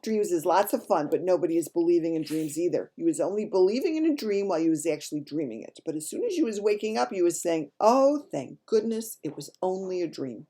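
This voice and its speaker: A woman's voice: lowish voice, animated, a little fast, hardly any pauses, dark tone. A woman voicing a big kindly male giant who mangles his grammar and invents words. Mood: stubborn.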